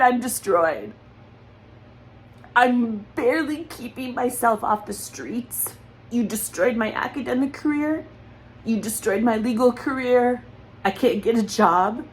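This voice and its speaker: A woman's voice: a little high, expressive, slow, slight background noise, poor audio. A woman speaking in an emotional personal monologue, accusatory and repetitive, holding back tears. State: close to crying.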